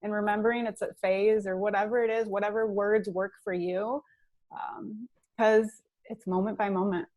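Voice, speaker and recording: A woman's voice: medium pitch, little pitch movement, normal speed, darkish tone. A mother of twins speaking in a casual parenting video chat, encouraging and upbeat. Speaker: parent, guest in discussion.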